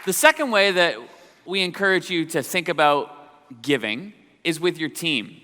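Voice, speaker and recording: A man's voice: on the high side, lively intonation, a little slow, noisy background. A man guest speaker presenting to an audience in an encouraging way. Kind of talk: presentation talk. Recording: long hall reverb.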